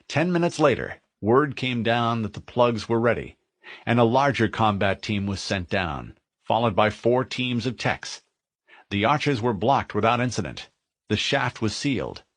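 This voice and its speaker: A man narrating a military science-fiction audiobook in a vivid, expressive storytelling manner. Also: lowish voice, dry recording.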